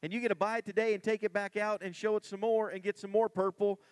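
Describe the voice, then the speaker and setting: A man's voice: high-pitched, flat delivery, fast talker, smooth, dry recording. Folksy man hyping livestock lots. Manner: enthusiastic, folksy hype. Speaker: auction ring man and announcer. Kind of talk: sales pitch between bids. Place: livestock auction ring.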